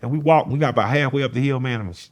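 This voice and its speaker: A man's voice: medium pitch, racing. A middle-aged man, a guest in an interview, telling a personal story in a plain-spoken, earnest way and swearing casually.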